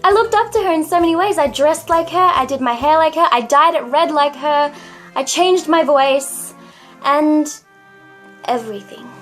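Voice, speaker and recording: Casting note: young Australian woman vlogger, naturally high and light voice, chatty and self-deprecating, faint music underneath. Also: moderate pace, a bit bright. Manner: chatty, self-mocking, swears casually. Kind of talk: casual storytelling to camera.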